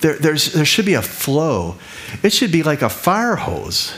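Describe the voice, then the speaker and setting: A middle-aged man preaching a sermon, talking in a casual, conversational way with repeated phrases and quick asides. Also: on the high side, huge pitch swings, fairly bright tone. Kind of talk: sermon teaching.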